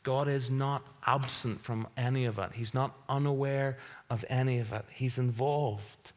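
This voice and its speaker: A man preaching a sermon with earnest emphasis. He leans on repeated phrases and lets key points land slowly. His pitch sits in an ordinary middle range. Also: fairly even intonation. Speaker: pastor.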